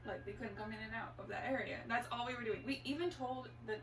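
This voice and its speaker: A woman's voice: a little high, fast. A woman who chimes in with quips and laughs often while she tells a family story in casual conversation. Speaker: interviewee, daughter. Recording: roomy and distant with faint hum.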